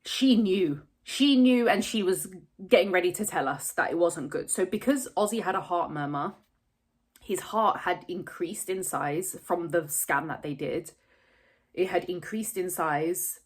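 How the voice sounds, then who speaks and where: A woman's voice: on the low side, husky. A woman, telling a personal story to camera close to tears, candid and rambling, swearing freely. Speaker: vlogger.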